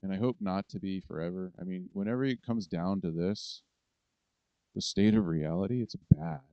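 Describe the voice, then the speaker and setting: A man's voice: low voice, normal speed, mellow, smooth, dry recording. A man in a rambling, profane political monologue, ranting to his viewers. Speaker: vlogger. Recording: dull lo-fi recording, dry.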